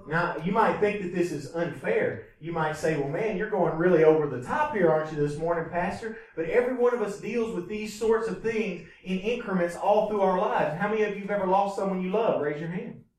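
A man preaching a sermon, pressing the congregation with repeated rhetorical questions. His voice sits somewhat high for a man. It rings through a very echoey church hall, picked up from some distance. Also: darkish tone. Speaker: pastor. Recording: echoey room, voice from off-mic.

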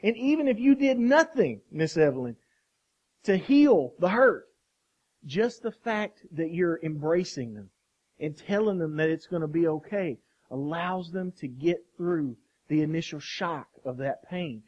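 A man preaching a sermon, swinging from hushed passages to loud outcries, asking the congregation questions and calling on people by name. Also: a little high, expressive, measured pace, highs cut off. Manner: asks the congregation questions and calls on members by name. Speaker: pastor.

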